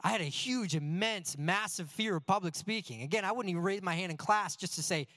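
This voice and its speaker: A man preaching a sermon through personal stories, in an earnest, animated and self-deprecating way. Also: high voice, fairly quick.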